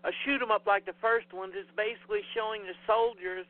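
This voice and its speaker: A man's voice: high-pitched, steady tone, a little fast, dry recording. A man co-hosting a casual film chat, blunt and emphatic. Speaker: podcast co-host. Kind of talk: casual chat about films. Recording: tinny phone-like sound.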